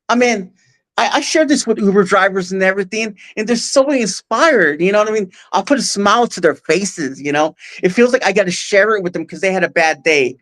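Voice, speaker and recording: Male guest, heartfelt and halting storyteller with plenty of restarts, speaking close into a podcast mic. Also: high-pitched. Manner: halting, full of restarts and fillers; earnest and emotional. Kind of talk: casual personal storytelling.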